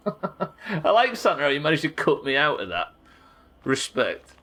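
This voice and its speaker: A man's voice: a little high, huge pitch swings, a little slow, bright, forceful tone. A man hosting a live gaming stream, chatting to viewers and swearing as he plays. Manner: sweary, chatty, talks to chat while playing. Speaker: livestream host.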